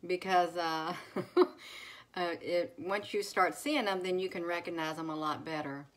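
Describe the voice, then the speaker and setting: A woman's voice: fairly low pitch, fairly even intonation, a little slow. A woman hosting a casual live stream, greeting viewers one by one by name with many fillers. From United States. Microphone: phone.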